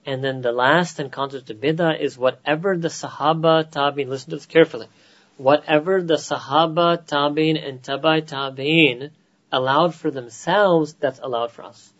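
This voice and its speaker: A man's voice: on the high side, normal speed, highs cut off. Man with an American accent lecturing. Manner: animated, asks rhetorical "right?" often, slips into Urdu phrases. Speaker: Islamic teacher. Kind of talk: religious lecture to a gathering.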